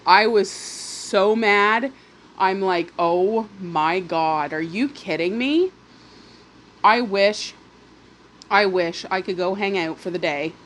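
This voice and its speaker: Slow-talking woman vlogger, eating and ranting. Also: mid-range voice, a little hiss or hum. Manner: animated, indignant storytelling with swearing; pauses to eat, chewing between phrases. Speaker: mukbang vlogger. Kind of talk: casual storytime while eating.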